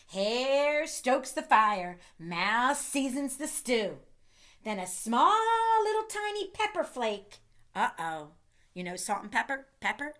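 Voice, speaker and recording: A woman's voice: on the high side, fairly bright tone. A woman reading a picture book aloud to children, playful and chatty between pages. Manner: playful, pausing to chat and laugh with young listeners.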